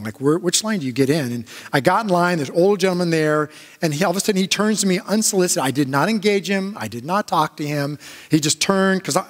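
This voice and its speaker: A male pastor giving a conversational sermon, telling stories in a halting way with frequent restarts. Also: fairly high pitch. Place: church sanctuary. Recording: long church reverb.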